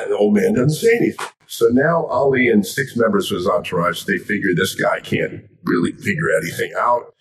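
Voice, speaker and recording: An older man from Miami, a guest telling a story with lively animation. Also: lowish voice, fairly quick, few pauses, recorded from a distance. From Miami, Florida. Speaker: guest, sports interviewer. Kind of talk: storytelling in a chat.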